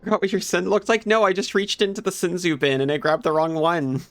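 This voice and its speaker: A man's voice: sits high, steady tone, a little fast, dry recording. A man streaming a video game, chatting casually with viewers and laughing at his own mix-ups. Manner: chatty, giggly, apologetic asides to chat. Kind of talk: casual gameplay commentary.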